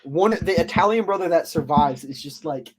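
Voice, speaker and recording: Male podcast host, slightly high pitch, loose and filler-heavy storytelling. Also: normal speed. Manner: rambling, filler-heavy retelling. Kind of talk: casual storytelling chat.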